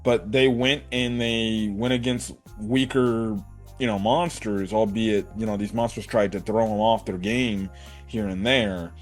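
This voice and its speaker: A man's voice: lowish voice, steady tone, a little slow, soft background music. A man giving a casual, rambling anime episode review, full of fillers and slang.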